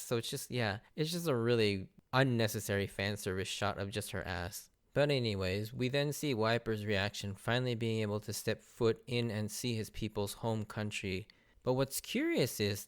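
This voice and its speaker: A man's voice: medium pitch, clean tone. A man hosting a podcast, recapping anime episodes in a casual, enthusiastic way and laughing often. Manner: enthusiastic, laughs often, mimics character lines. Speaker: podcast host.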